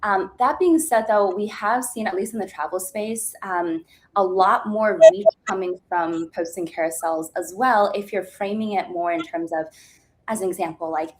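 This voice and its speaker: Low-voiced woman, travel creator. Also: fairly even intonation, darkish tone, poor audio. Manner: measured, thoughtful, with fillers. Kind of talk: webinar panel discussion.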